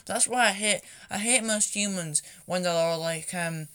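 A woman's voice: fairly low pitch, moderate pace, fairly bright tone, smooth. A young woman in casual chat as a co-host, giggly and chatty, slipping into silly voices.

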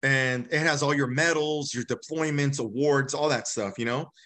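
A man's voice: mid-range voice, moderate pace, a bit bright. Blunt, casual male podcast guest. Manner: blunt and casual, acts out dialogue, says "bro". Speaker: podcast guest, army veteran. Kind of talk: candid personal storytelling.

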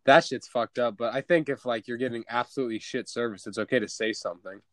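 A man's voice: mid-range voice, fast. A man in his twenties hosting a podcast, teasing his co-host with mock outrage in casual banter.

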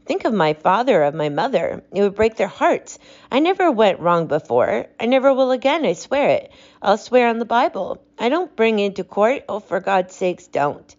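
A woman's voice: mid-range voice, big pitch swings, normal speed, a little mellow, dull audio, voice pushed up, natural voice. A woman voicing a frightened, pleading thief. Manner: pleading, shaky, desperate. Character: frightened male hotel thief, cringing.

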